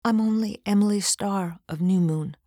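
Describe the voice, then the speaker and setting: A woman's voice: mid-range voice, normal speed, dark tone, no echo, studio quality, pitched above the performer's own voice, lightly acted. A woman reading aloud, voicing a timid, earnest young girl who pleads for help. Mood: earnest pleading. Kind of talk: audiobook character voice.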